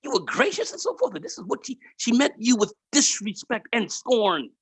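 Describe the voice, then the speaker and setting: A man putting on an Indian accent to play a middle-aged male shop owner who speaks in high, emphatic, drawn-out exclamations. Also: very animated, fairly bright tone, slightly rough, heavily acted. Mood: indignant.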